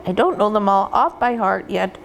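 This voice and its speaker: A woman dog breeder giving an instructional demonstration, gently cooing at the puppies now and then. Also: mid-range voice, lively intonation, normal speed, creaky, a little hiss or hum.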